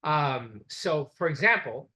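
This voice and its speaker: A man lectures a live class in a slightly high voice. He explains patiently, step by step. He repeats his examples so everyone can follow. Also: animated, takes it slowly, pushed and bright, rough recording.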